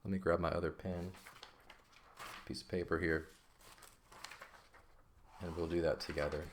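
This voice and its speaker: Guy with a low voice walking thru a grammar lesson, keeps asking "okay?". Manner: explains patiently, checks in with frequent "okay?". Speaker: Greek teacher.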